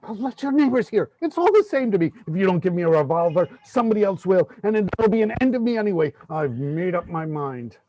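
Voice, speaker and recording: A man's voice: high-pitched, sing-song, fast, hardly any pauses, mellow, low-quality recording. A man voicing a desperate, overworked male clerk in a play reading, ranting breathlessly about his burdens. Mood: defiant. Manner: exasperated ranting, breathless complaints.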